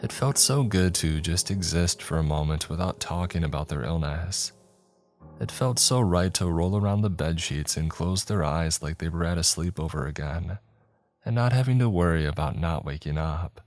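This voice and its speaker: Male narrator, very low voice, calm steady reading, faint music behind. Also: moderate pace. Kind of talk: scripted story narration.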